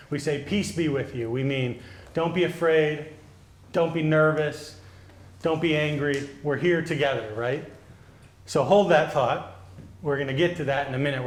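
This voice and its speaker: A male pastor giving a children's sermon, gently asking the children questions and answering them. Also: fairly high pitch. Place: church sanctuary. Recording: echoey church.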